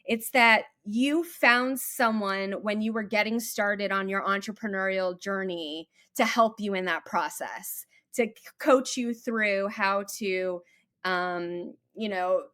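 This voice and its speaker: A woman's voice: medium pitch, slow, a bit bright. A woman hosting a podcast, enthusiastically summing up her guest's story in a reflective way. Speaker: podcast host. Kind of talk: conversational interview.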